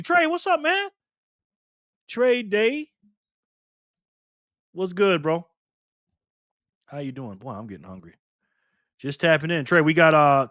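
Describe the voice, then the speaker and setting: Guy hosting a chill live stream, kinda high voice, dry close sound, shouting out chat names and laughing a lot. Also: dry recording. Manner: lively, playful, laughs often, calls out viewer names; mixes slang and internet abbreviations into speech. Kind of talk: casual live-stream chat, reading and answering viewers.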